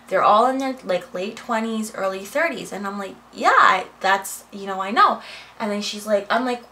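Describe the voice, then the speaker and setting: A young adult woman talks her way through a storytime vlog in a lively, chatty manner, acting out the back-and-forth as she goes. Her voice is bright and forward. She records at home in her office, with a faint room hum underneath. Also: medium pitch, low-quality recording. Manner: animated, chatty retelling with quoted dialogue. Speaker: vlogger.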